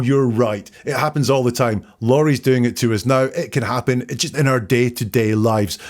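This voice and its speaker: A man hosting a solo commentary show, quoting interview lines back and picking apart the wording in a measured, analytical way. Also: mid-range voice, darkish tone. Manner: measured, analytical, quotes lines back then dissects them. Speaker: host analyzing interview language. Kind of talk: solo commentary, breaking down quotes.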